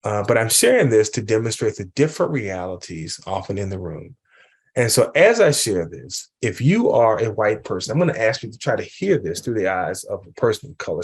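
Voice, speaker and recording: A man speaking at a virtual conference, reciting a spoken-word poem with impassioned rises that fall away to hushed line endings. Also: lowish voice, sing-song, a little fast, husky. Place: virtual seminar.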